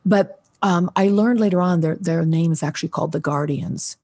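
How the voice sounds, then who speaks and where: An older woman in her sixties with a fairly low voice tells a story on a podcast. She talks casually and with animation, and she acts out the voices of the people she quotes. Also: moderate pace, warm tone, slightly rough. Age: 60s. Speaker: guest, Ouija board historian.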